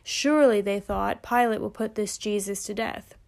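A woman's voice: medium pitch, flat delivery, normal speed, gravelly, a little mellow. A woman hosting a Bible study podcast, reading passages steadily and breaking into chatty, amused asides.

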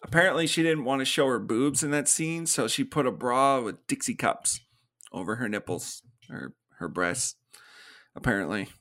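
With a bright, forceful, mid-range voice at normal speed, this man co-hosts a podcast. He casually reviews a film by recapping its story, acting out lines and laughing often.

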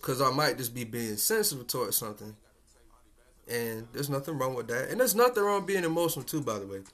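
A man's voice: mid-range voice, expressive, fairly quick, fairly bright tone. Laid-back slangy man podcasting. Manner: laid-back, slangy and profane, chuckling often. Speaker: podcast host. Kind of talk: casual solo podcast monologue.

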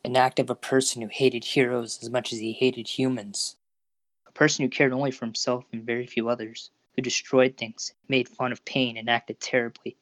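A narrator reading fan fiction aloud in a steady, even manner over a Discord call. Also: medium pitch, moderate pace, dry recording. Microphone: Discord voice call recording. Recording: dull lo-fi Discord audio.

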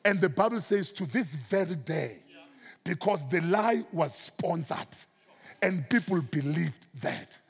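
A South African man preaching a sermon as pastor, swinging his pitch and stretching out key words for emphasis. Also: lively intonation, unhurried, breathy edge, big-room sound.

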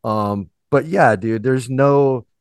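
A laid-back man co-hosts a casual podcast, teasing his partner and tossing in "dude" all the time. His pitch is mid-range, and the sound is dry and close to the mic. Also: slow pace, no room sound. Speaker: podcast co-host.

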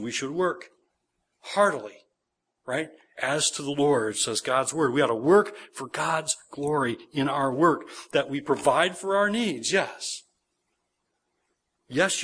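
A man's voice: a little high, fairly bright tone. A man in his forties preaching a sermon, earnest, repeating phrases for emphasis and checking in with listeners. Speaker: pastor.

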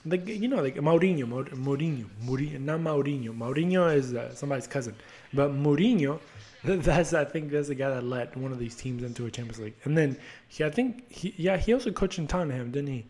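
A young podcast host chats casually about soccer, rambling, joking, swearing and teasing himself. His voice is a little high with a darkish tone, expressive and a little fast.

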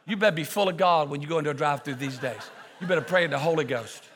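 A male pastor preaching a sermon full of comic stories, with excitable shouting bursts and quick asides. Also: fairly high pitch, a little hiss or hum. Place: church auditorium. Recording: preaching in a large echoing hall with audience.

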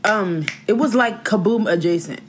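A woman's voice: mid-range voice, normal speed, slight background noise. A young woman co-hosting a casual chat, loose and joking, swearing often and breaking into laughs. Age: young adult. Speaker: podcast co-host.

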